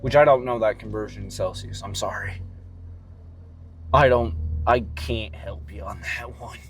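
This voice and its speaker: A man's voice: on the low side, unhurried, slight background noise. A man talking casually in a vlog, rambling and swearing freely as he rants and muses about his workouts. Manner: profane, rambling and animated. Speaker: fitness vlogger.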